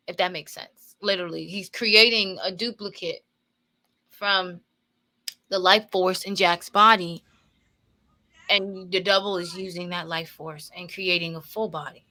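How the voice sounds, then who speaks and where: Brief: woman movie reactor, bright voice, loose and profane, repeats points. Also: fairly low pitch. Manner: profane, repetitive, opinionated retelling. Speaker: movie commentator. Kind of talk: casual movie reaction commentary.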